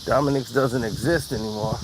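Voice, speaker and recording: A man's voice: medium pitch, steady tone, fairly quick. A young man casually telling a wry anecdote outdoors, laughing now and then. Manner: laid-back, wry, laughs through story. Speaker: storyteller vlogger. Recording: outdoor cricket noise.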